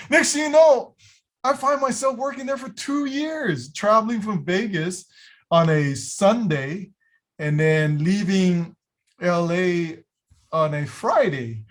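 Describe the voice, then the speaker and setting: A man telling stories in a casual interview, animated, acting out quotes with lots of fillers and restarts. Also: high-pitched, slow. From United States. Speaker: guest, illusion builder.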